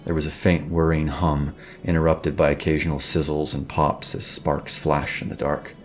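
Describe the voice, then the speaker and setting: A man reading a suspenseful story as a narrator, measured and even. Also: extremely low pitch. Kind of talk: scripted narration.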